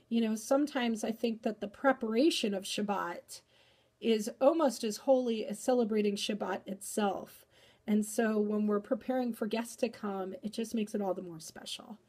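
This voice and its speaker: A woman educator reading a picture book aloud with lively expression, then chatting about it with fillers. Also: mid-range voice. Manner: animated storyteller, chatty with fillers afterward. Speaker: early-childhood educator.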